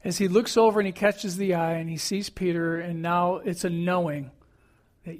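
High-voiced male pastor retelling scripture. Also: moderate pace. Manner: conversational storytelling. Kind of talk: sermon.

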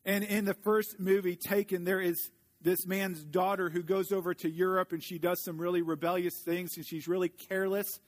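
A man preaching a sermon in an earnest way, slowing down when he reads scripture aloud. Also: high voice, level tone. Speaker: pastor.

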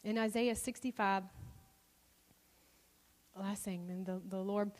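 A woman preacher telling a personal story in a sermon, animated and expressive. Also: medium pitch, slow pace, big-room sound.

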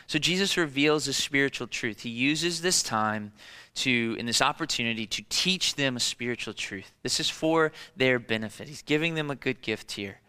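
A man in his thirties preaching a sermon, telling stories in an animated way and acting out the people in them in quick voices. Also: mid-range voice, smooth. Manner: animated storytelling, acts out disciples and kids in quick voices. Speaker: pastor.

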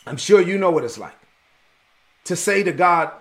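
A man preaching a sermon in a casual, repetitive way, often slipping into the voices of the people he quotes. His voice sits high for a man and has a gravelly edge. He talks to the congregation directly and keeps circling back to the same phrases. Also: lively intonation, moderate pace, noisy background. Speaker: pastor.

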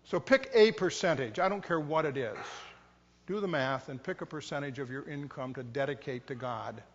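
Joking pastor preaching in a reverberant church. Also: male voice, medium pitch, moderate pace. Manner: conversational, self-mocking humor, acts out inner voices of congregants. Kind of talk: sermon. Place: church sanctuary. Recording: dull sound, long reverb in a church.

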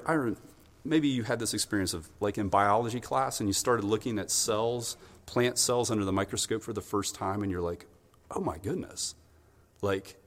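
A man preaching a sermon in an animated storytelling way, acting out the voices of the people in his stories. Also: medium pitch, long reverb tail.

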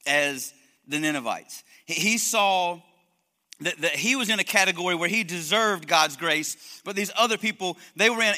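A man preaching a sermon in an emphatic, animated way, stumbling and repeating words as he builds his points, in a church hall. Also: a little high. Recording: echoey hall reverb.

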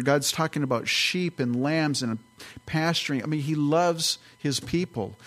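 Man teaching scripture verse by verse. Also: on the high side. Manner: explanatory, conversational, with fillers. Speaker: pastor.

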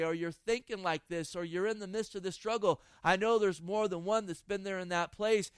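A man's voice: sits high, clear, resonant tone, dry recording. A male pastor preaching an impassioned sermon outdoors in a garden, repeating phrases for emphasis.

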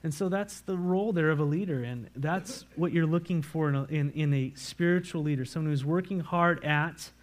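Earnest man preaching a sermon. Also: fairly high pitch. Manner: earnest, repeats key words for emphasis. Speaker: pastor. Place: church sanctuary.

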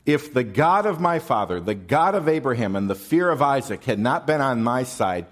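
A man's voice: medium pitch, sing-song, moderate pace. A male pastor preaching a sermon in a conversational, wry manner, asking his listeners questions.

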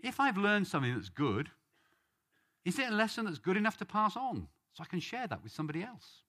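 A man's voice: high voice, sing-song, a little fast, pushed and bright. A man from Britain giving an earnest sermon-style Bible teaching and leading a study group. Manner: earnest, rising on questions and names.

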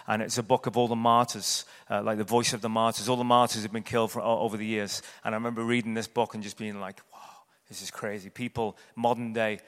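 A man's voice: medium pitch, a bit bright. A man preaching a sermon in a conversational way, often checking in with his listeners with short tag questions. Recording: echoey hall.

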